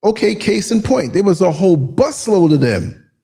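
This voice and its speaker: An American man living in Africa hosts a podcast, telling a story in casual conversation over a remote call with sarcastic asides. His high voice is very animated, creaky and mellow, and a little hiss or hum sits in the audio.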